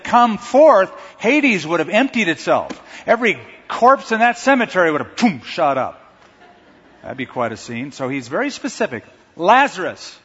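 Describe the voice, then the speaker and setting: A man preaching a sermon as pastor, animated, shouting out quoted lines. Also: a little high, husky. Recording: dull recording in a reverberant hall.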